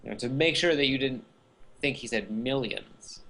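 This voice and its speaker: A man chats on a casual podcast and jumps in often with eager agreement. His talk is relaxed and enthusiastic. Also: medium pitch, low-quality recording. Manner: enthusiastic, quick to chime in. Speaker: podcast co-host.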